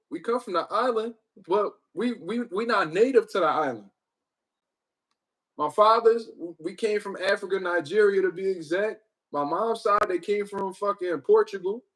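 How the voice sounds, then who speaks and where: A man hosting a livestream, talking casually with heavy profanity and animated storytelling. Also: high voice, breathy edge. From Puerto Rico. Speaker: livestream host.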